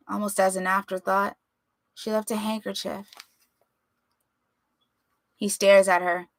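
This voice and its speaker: Woman narrating a story, bright voice. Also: mid-range voice, gravelly, no echo. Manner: expressive, dramatic narration. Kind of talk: audiobook-style story reading.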